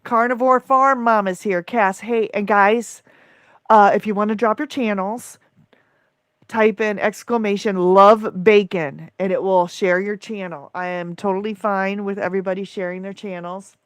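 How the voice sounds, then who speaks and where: A tired woman hosting a livestream, reading out viewer comments in an excitable, emotional rush. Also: medium pitch, normal speed, clean tone, dry recording. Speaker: livestream host and coach. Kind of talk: live-stream chat reading viewer comments.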